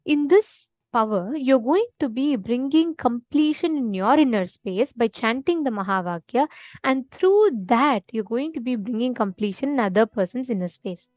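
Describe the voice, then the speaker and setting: A woman's voice: a little high, lively intonation, normal speed, darkish tone, dry recording. Woman, spiritual teacher, live online session, explanatory, checks understanding, dry close sound.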